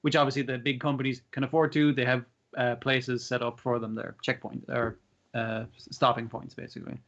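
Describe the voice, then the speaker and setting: A man, co-hosting a podcast in casual, sweary chat and animated retelling. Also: mid-range voice, fairly quick, dull audio. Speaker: podcast co-host.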